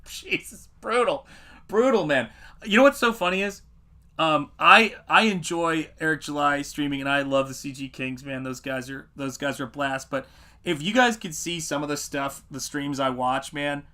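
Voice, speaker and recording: Middle-aged male streamer, bright, slightly high voice, lively anecdote-teller, casual. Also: moderate pace. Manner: animated storytelling, acts out quotes. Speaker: comic artist streamer. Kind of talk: casual livestream chat.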